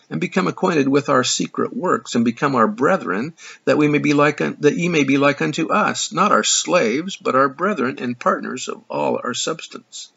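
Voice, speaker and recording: A man lending his voice to a haughty chieftain of robbers who writes sarcastic, condescending threats. The tone is mock-polite and gravelly. The recording is dull and lo-fi. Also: mid-range voice, a bit bright, exaggerated voice.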